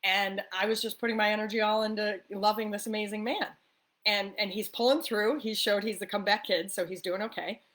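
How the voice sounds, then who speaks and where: A woman's voice: medium pitch, fairly even intonation, a little fast, fairly bright tone. A woman who is a spiritual life coach, talking to camera in a casual coffee-talk monologue. She is upbeat and chatty, often tosses in "right?" and laughs easily. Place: the East Coast of the US.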